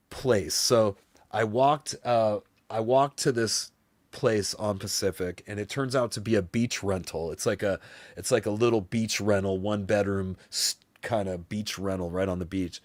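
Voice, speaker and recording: Rambling low-voiced man telling a story. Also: measured pace, no echo. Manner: rambling, animated, swears a lot, often says "you know what I mean"; acts out other people's voices in quotes. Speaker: host of a live stream. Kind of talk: casual storytelling to a live chat.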